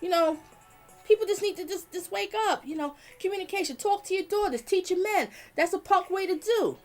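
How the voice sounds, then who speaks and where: A woman with a very high voice hosts a livestream at a fairly quick pace, with soft music playing in the background. She's blunt and outspoken, swearing as she talks casually to her chat.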